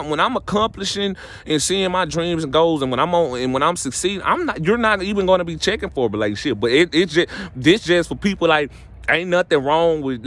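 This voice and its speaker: A man's voice: on the high side, fairly bright tone. Preachy young man talking to camera. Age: young adult. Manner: preachy, repetitive, restarts phrases, rises to emphatic peaks. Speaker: vlogger giving relationship advice. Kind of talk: casual motivational talk to camera.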